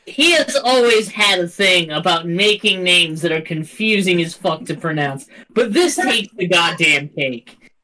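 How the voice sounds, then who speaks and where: Lively, bright-voiced game master who swears. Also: medium pitch, a little slow, rough recording. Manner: animated, swears freely. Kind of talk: casual chat running a tabletop game.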